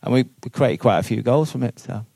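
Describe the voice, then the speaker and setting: A man's voice: mid-range voice, fairly quick, creaky, mellow, breathy edge, no room sound. A man, a football manager answering questions earnestly at a live podcast, often repeating words as he thinks aloud. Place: boardroom with live audience.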